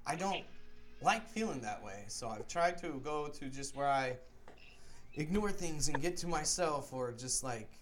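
A man's voice: on the high side, expressive, unhurried, a little hiss or hum. A young man co-hosting a casual podcast, ranting heatedly with lots of swearing. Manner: heated, profane, rising to shouts when retelling arguments. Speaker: podcast co-host.

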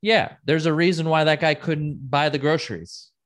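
Relaxed male podcast host. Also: fairly high pitch, moderate pace. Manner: relaxed, reacting with short agreements. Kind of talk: casual podcast chat.

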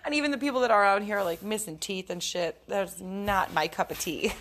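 A woman's voice: medium pitch, a little fast, fairly bright tone, a little hiss or hum. A young adult woman hosting a casual solo podcast, talking frankly and profanely and often breaking into giggles. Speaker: podcast host.

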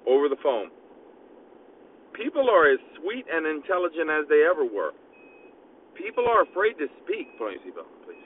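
Dad ranting into his phone in the car, slangy and rambly, tinny phone-sounding audio, faint car rumble underneath. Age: adult, father of young kids. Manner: slangy, rambling, keeps getting interrupted by his kids. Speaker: podcaster. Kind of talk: casual rambling podcast monologue. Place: inside a car.

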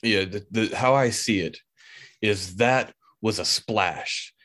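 A man co-hosting a podcast, talking about a film in a casual, animated way with frequent restarts. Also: on the low side, slow pace. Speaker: podcast co-host.

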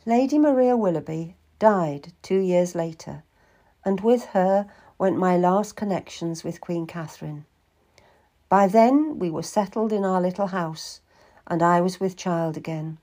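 A woman reading a first-person historical story aloud with measured, expressive storytelling. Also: fairly low pitch. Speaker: audiobook narrator. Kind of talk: scripted first-person narration.

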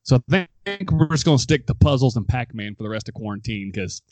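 A young man hosts a relaxed talk show and spins a story out loud. He acts out the people he quotes and laughs along the way. His voice sits dry and close to the mic. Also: mid-range voice, a little fast, no echo. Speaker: podcast host. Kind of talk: casual chat, storytelling.

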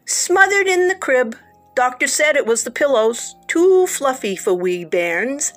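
Woman putting on a maid, older, blunt, grim, higher voice. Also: sing-song, a little slow, fairly bright tone, soft background music, heavily acted. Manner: blunt, matter-of-fact.

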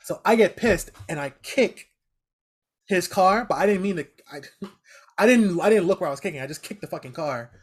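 A man telling stories in casual, profane chat, animated and laughing often. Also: high voice, moderate pace, slightly rough.

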